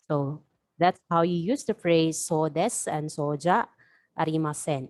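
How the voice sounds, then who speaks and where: Woman teacher going thru a beginner lesson, lowish voice, dead dry room, says examples twice. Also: darkish tone, dry recording. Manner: patient, repeats example phrases slowly. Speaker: language teacher. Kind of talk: recorded lesson explanation.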